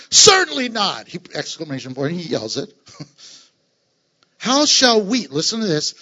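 A man preaching a lively sermon as a pastor, laughing and acting out voices of his listeners. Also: extremely high pitch, muffled recording.

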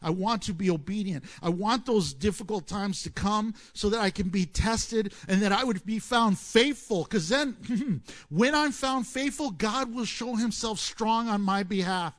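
A man preaching a sermon as pastor, lively and emphatic, then dropping low and soft into prayer. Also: measured pace.

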